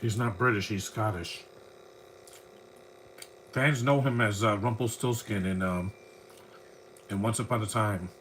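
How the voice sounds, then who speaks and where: Around forty, this male podcast host rambles and chats like a fan while watching a movie and commenting on it. His voice sits on the low side with a fairly bright tone and normal speed. The recording is rough, with slight background noise.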